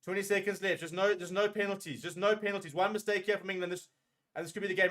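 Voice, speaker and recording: A man's voice: high voice, steady tone, fast talker, a bit bright. A man giving emotional live fan commentary on a rugby match, nervously repeating phrases as he calls the play.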